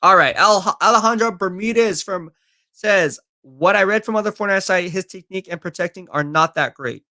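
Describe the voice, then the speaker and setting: A man's voice: high-pitched, a little fast, pushed and bright. A man live-streaming football talk, reading viewer comments and answering them in a confident, chatty way. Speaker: sports streamer.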